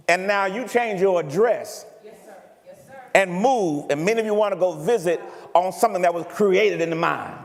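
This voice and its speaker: A man preaching a sermon as pastor, animated and often checking in with the congregation. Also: sits high, normal speed, gravelly. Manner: animated preaching, asks the congregation if he makes sense. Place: church sanctuary. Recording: reverberant church hall.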